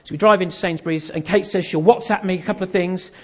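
A man's voice: high-pitched, steady tone, fast. A man giving a sermon as a pastor, telling a story and acting out the dialogue with self-deprecating humor while an audience laughs.

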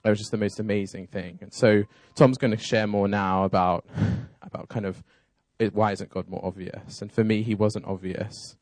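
Deep-voiced man sharing his testimony. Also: steady tone, normal speed, few pauses, darkish tone, no echo. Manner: earnest, storytelling. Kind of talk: personal testimony.

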